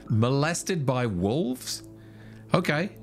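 A man's voice: medium pitch, very animated, drawn-out words, vocal fry. A man co-hosting a film podcast, chatty and enthusiastic about the movie. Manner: enthusiastic, chatty, laughs at lines. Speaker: podcast co-host. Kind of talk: casual film chat. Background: faint synth music.

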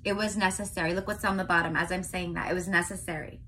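A young woman from California giving a casual tarot reading to her viewers, chatty and often checking in with a quick "okay?". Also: on the low side, steady tone, bright, forceful tone, slight background noise. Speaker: tarot reader.

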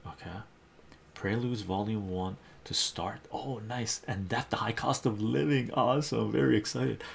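Male stream host, deep and gravelly, upbeat casual chatter over faint noise. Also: unhurried. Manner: enthusiastic, reads out chat messages and covers. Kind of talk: casual chat about comic books.

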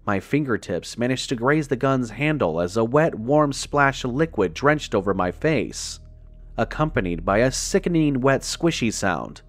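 A man reading a first-person horror story aloud as a podcast narrator, in a measured, dramatic way that slows down on the grim details. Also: medium pitch, lively intonation, no echo.

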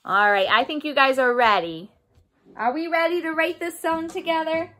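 A woman's voice: high voice, normal speed, pushed and bright. A woman music therapist leading young children in a remote lesson, talking in a sing-song, coaxing way and imitating instruments with her voice. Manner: sing-song, coaxing teacher talk with call-and-response.

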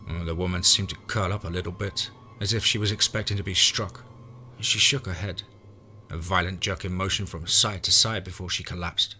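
A man reading a first-person horror story in a measured, low-key way. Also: fairly even intonation, pushed and bright, soft background music.

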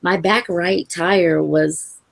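A woman with a very low voice and a gravelly, creaky texture recounts her own experience in an interview. She speaks calmly and in measured phrases, with the odd soft laugh. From Louisville area, Kentucky. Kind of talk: personal account in an interview.

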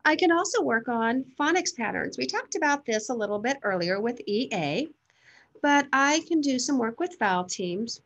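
A woman demonstrating classroom teaching methods, sounding out letters and switching into a bright voice she uses with children. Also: on the high side, expressive. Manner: slow, deliberate, modeling sounds to children. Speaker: teacher trainer. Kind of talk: instructional demonstration.

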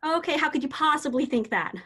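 A woman reading an impatient young woman who tutors French and snaps quickly. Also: high voice, a bit bright, voice pushed up. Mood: exasperated. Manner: exasperated, quick to snap. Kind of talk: amateur scene reading.

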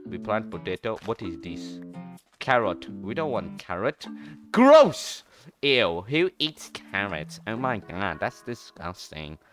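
A man's voice: fairly low pitch, lively intonation, unhurried, fairly bright tone, soft background music. A man streamer giving casual, playful commentary while playing a game, often jumping into mock trash talk.

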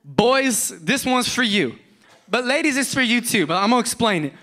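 A pastor preaching a sermon on marriage, animated and acting out quoted spouses in raised voices. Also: male voice, extremely high pitch, moderate pace.

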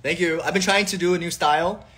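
Bright, playful young man streaming live. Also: high-pitched, steady tone, quick pace, breathy edge. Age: 20s. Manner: rambling, joking, lots of fillers and restarts. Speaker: livestream host. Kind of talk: casual live stream chat. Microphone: phone livestream.

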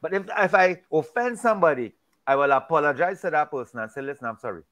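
Emphatic man with a higher voice. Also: animated, fast, fairly bright tone. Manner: emphatic, preachy, repeats and restarts words often. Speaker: Bible discussion participant. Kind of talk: casual Bible discussion.

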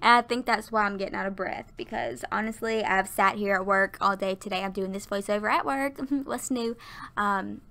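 Tired and breathless, a twenty-something woman chats and laughs a lot as she rambles through a voiceover of her Sims build, recorded at work on a desktop USB mic. She speaks at a moderate pace with a medium pitch and steady tone, sounding pushed and bright.

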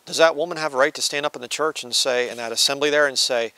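In a dry recording, a male preacher moves at a quick pace with few pauses, his mid-range voice sharp in tone. He teaches the Bible conversationally in sermon style, reading passages aloud and performing the voices being quoted.

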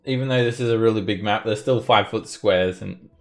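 A man with a low, gravelly voice runs an online tabletop game. He patiently walks players through the rules, then narrates what happens. His delivery is steady and matter-of-fact. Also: a little fast. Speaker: game master. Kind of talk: narrating a tabletop game over a live stream.

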